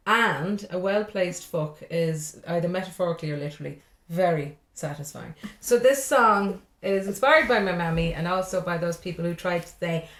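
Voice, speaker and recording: A woman's voice: fairly low pitch, normal speed, few pauses, a bit bright. A woman with an Irish accent, a comedian guest chatting casually, blunt and full of swearing and laughing asides. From Ireland. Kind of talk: casual chat. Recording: roomy echo.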